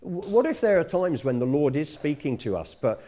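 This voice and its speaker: Mellow-voiced man preaching conversationally. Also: on the high side, very animated, normal speed. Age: middle-aged. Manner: conversational, self-correcting, warm teaching tone. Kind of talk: sermon. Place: church.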